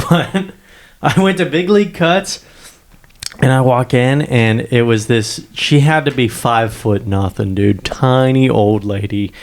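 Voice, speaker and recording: A man co-hosting a casual podcast, a stand-up comic with a middle-pitched voice. He tells his stories with plenty of swearing and laughter. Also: a little slow. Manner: laughing, profane storytelling. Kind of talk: casual chat.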